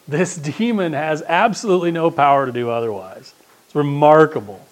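A man preaching a sermon in a folksy, conversational way, often swinging between loud emphasis and quiet asides. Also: expressive, fairly quick. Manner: conversational, folksy, with wide swings of pitch and loudness.

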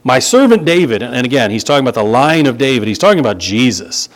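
Male pastor delivering a sermon with animated, expressive delivery. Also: medium pitch, fast, few pauses. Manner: animated preaching with scripture reading.

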